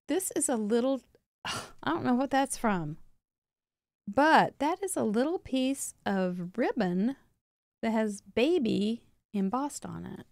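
A woman's voice: fairly high pitch, lively intonation, slow pace, vocal fry, no room sound. A woman chatting casually as host of a live crafting show, opening mail from viewers and laughing often. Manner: chatty, warm-hearted, laughs often, yawning from a long day.

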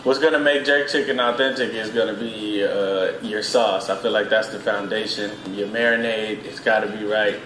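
A man from Los Angeles whose family runs a restaurant, speaking calmly and steadily in an interview clip. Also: fairly low pitch, normal speed, hardly any pauses, slight background noise. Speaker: restaurant owner's son. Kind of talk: interview talk. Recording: echoey with music behind.

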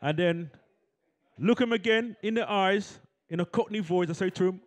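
A man's voice: sits high, normal speed. A man hosting a community event, coaxing the audience into call-and-response with a handheld microphone. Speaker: event host. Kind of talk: lively audience warm-up.

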